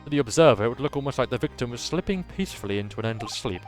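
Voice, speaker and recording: A man voicing a knowledgeable young woman who explains things in a measured way. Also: mid-range voice, lively intonation, faint music behind, natural voice. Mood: grave.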